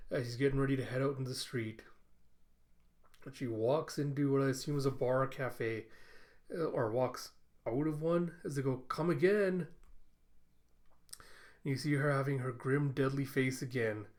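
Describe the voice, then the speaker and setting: A man's voice: medium pitch, darkish tone. A man hosting an anime reaction, recapping the episode in a chatty, amused way. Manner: chatty, amused, laughs often.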